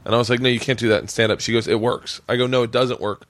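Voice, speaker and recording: A man hosting a casual podcast, telling stories in a rambling, animated way and swearing a lot. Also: mid-range voice, very fast. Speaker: podcast host. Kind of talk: casual chat.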